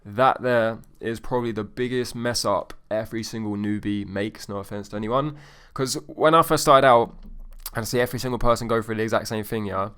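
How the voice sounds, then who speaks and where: A young man coaching sales in a casual, animated way, swearing freely and acting out both sides of a call. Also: on the low side, a little fast, clear, resonant tone. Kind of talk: casual instructional talk.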